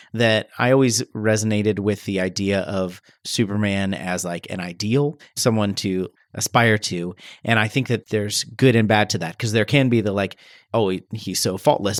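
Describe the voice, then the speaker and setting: A man's voice: fairly low pitch, normal speed, hardly any pauses, dry recording, clean studio sound. A man co-hosting a movie podcast in casual chat, teasing and laughing often. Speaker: podcast co-host.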